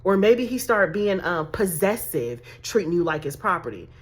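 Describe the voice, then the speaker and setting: A woman's voice: fairly low pitch, big pitch swings, normal speed, breathy edge. A woman, giving emphatic, sassy dating advice as a life coach with laughing asides. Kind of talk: direct-to-camera advice talk.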